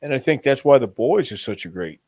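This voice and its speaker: A man's voice: medium pitch, animated, fairly quick, a little mellow, slightly rough, no echo. A man as an interview guest, telling stories in a rambling way with many restarts and acted-out quotes. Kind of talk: casual storytelling interview.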